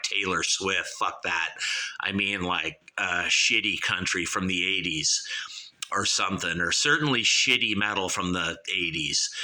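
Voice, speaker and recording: A man's voice: low-pitched, bright, forceful tone. A middle-aged man hosting an album review show in a brash, profane, rambling monologue. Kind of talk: casual ranting monologue.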